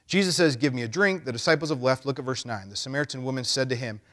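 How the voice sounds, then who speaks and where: A male pastor giving a casual, animated sermon, acting out voices as he goes. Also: mid-range voice, fast talker, few pauses. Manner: animated, conversational, acts out voices.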